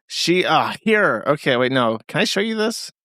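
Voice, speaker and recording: A man's voice: on the high side, big pitch swings, moderate pace, bright, forceful tone, no room sound, clean studio sound. A young man co-hosting a comedy stream, laid-back and hesitant, laughing often. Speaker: podcast co-host. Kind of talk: casual comedic commentary.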